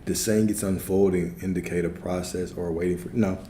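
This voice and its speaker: A man's voice: sits low, mellow. A man teaching on a livestream and answering his chat in a laid-back way, often repeating himself and checking in with "right?". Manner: repetitive, checks in with frequent "right?". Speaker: spiritual coach and streamer. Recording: roomy sound with faint background noise.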